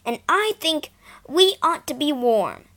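A woman voicing a proud, hot-tempered young boy who shouts and sulks. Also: high-pitched, very animated, slow pace, pitched above the performer's own voice, exaggerated voice. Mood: excited. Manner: loud and sulky.

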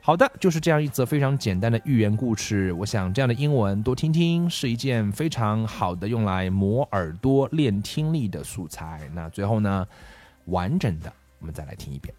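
A man's voice: lowish voice, very animated, fairly quick, a little mellow, soft background music. A man teaching English vocabulary from a fable, explaining words and then reading the story aloud. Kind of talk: bilingual lesson with read-aloud story.

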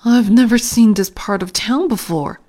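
A woman's voice: a little high, moderate pace, dark tone, natural voice. A woman voicing a nervous, always-hungry schoolboy in a storybook reading. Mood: worried. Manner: worried.

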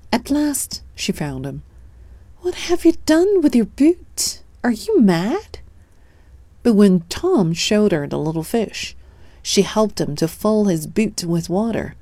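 Woman narrator for a kids' picture book, slow and expressive, mellow, dry close sound. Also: fairly low pitch, no echo. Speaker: storybook reader. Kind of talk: read-aloud children's story narration.

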